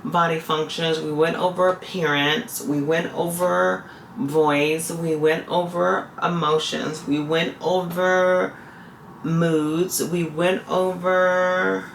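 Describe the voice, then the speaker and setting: A woman's voice: deep voice, steady tone, takes it slowly. A woman talking straight to her viewers in a casual, rambling vlog, often repeating her own phrases. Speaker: vlogger. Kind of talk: casual confessional vlog talk. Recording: echoey room with faint hiss.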